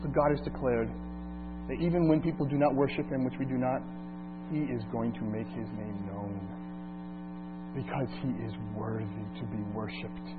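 A man preaching a sermon, climbing to emphatic, drawn-out peaks when he reads scripture. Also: medium pitch, steady tone, over loud music. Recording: tinny phone-like recording with mains hum.

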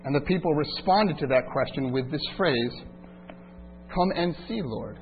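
A man preaching a sermon as pastor, swinging between loud emphatic passages and quiet reflective asides. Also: fairly high pitch, expressive, measured pace. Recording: tinny phone-like line with faint hum.

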